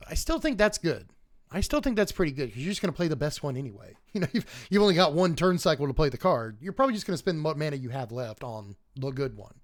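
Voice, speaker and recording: A man hosts a relaxed livestream review in a bright, slightly higher voice. His pitch bounces up and down as he chuckles and talks back to his viewers. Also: fast. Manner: animated, chuckling, chatting with viewers. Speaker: host. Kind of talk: casual livestream card review.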